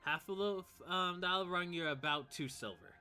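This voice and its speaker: A man voicing a calm old male innkeeper in a tabletop game, polite but firm with people who skip paying. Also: high-pitched, normal speed, smooth, soft background music, voice pushed up. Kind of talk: playing a character in a tabletop game.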